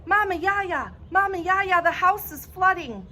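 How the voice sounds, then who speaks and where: Young girl taking charge, read by a woman, urgent, bright, storybook. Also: medium pitch, normal speed, slight background noise, lightly acted. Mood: panicked. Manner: urgent, commanding, raised voice.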